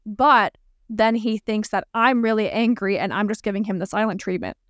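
A woman's voice: medium pitch, normal speed, dry recording, studio quality. A woman talking reflectively in a casual podcast conversation, using lots of filler words.

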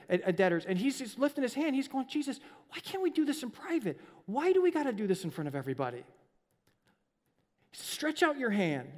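A man's voice: sits high, long reverb tail. A middle-aged man preaching a sermon as pastor, speaking conversationally and acting out scenes with voices.

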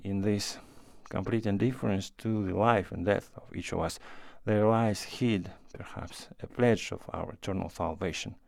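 A male audiobook narrator reads a classic short story in a measured, unhurried way. His voice is low and gravelly. The recording is close and dry, with no room echo. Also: a little mellow. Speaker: reader.

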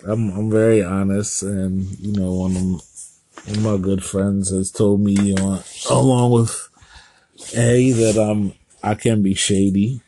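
A man chatting casually on a podcast, speaking in a measured, slightly hesitant and dry way. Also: fairly low pitch, fairly even intonation, dark tone, a little hiss or hum. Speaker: podcast co-host. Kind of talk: casual chat.

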